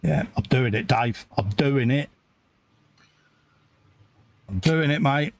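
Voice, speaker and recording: A man's voice: mid-range voice, takes it slowly. A man chatting casually and joking with his co-host while talking through each step of building a model kit.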